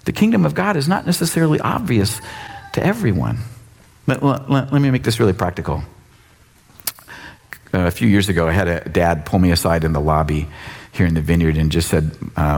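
A man in his sixties preaching a sermon in a casual, animated way, acting out quotes. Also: sits low, a little fast, creaky, long pauses. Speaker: pastor.

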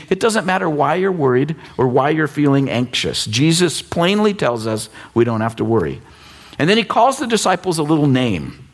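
Animated husky pastor in his fifties. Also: mid-range voice. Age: 50s. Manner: animated, conversational, teasing asides. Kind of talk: sermon.

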